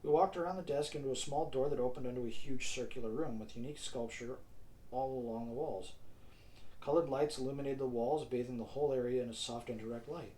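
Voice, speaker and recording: A man's voice: medium pitch, fast talker, mellow, a little hiss or hum, rough recording. A man narrating his own audiobook in a casual style, dropping wry asides to the listener. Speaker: narrator and author. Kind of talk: self-read audiobook narration.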